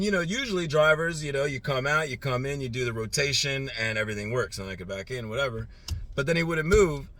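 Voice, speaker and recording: A tired man, a rideshare driver, talking casually and profanely to the camera from his parked vehicle, rambling and getting heated in spots. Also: medium pitch. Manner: rambling, profane, animated when ranting. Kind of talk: casual vlog monologue. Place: parked vehicle at airport lot.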